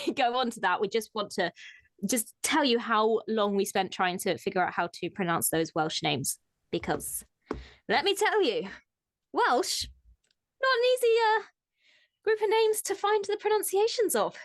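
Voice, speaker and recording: A woman's voice: a little high, big pitch swings, normal speed, no echo, clean studio sound. Giggly woman co-hosting a fan chat show. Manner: laughs often mid-sentence. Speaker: co-host. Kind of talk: casual chat.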